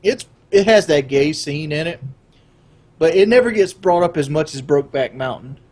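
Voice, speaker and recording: A man's voice: on the high side, normal speed, slightly rough. Rambling young male podcast host. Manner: rambling, animated, swears freely. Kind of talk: casual podcast chat.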